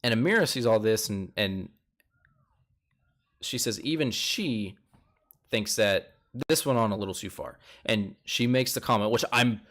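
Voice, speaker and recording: A young man chatting casually as he recaps a TV episode, retelling events animatedly and jumping up in pitch when quoting people. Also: measured pace, a bit bright. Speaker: show recap host.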